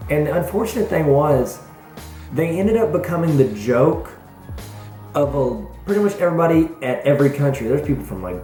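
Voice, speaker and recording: A man's voice: mid-range voice, darkish tone. A young man hosting a casual vlog, goofy and self-mocking as he chats to viewers. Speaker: vlog host. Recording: roomy echoey recording.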